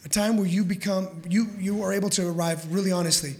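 A woman's voice: mid-range voice, steady tone, fast talker, slight background noise. A woman co-hosting an advice talk, earnest, repeating her points and asking "right?".

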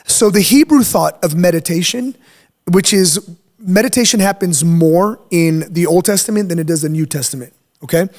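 A man's voice: sits high, moderate pace, a little mellow. A man hosting a faith podcast as pastor, talking in an emphatic, preachy way and checking in with "right?" as he explains. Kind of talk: casual chat.

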